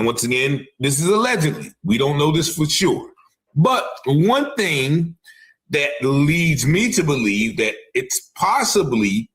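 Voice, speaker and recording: A man's voice: medium pitch, fairly bright tone. A man hosting an online news commentary show, talking through a case and repeating that it is only alleged. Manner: speculative, repeats "allegedly" and "once again".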